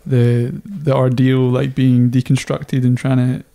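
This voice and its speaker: A man in casual conversation, speaking in a measured, reflective way. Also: mid-range voice, level tone, vocal fry, mellow. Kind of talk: casual chat.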